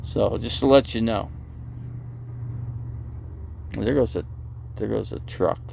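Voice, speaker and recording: A man's voice: fairly low pitch, slow pace, creaky, darkish tone, a little hiss or hum. A man on a casual live stream, rambling as he reads viewer comments aloud and answers them, outdoors near a busy road. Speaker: RV channel livestreamer.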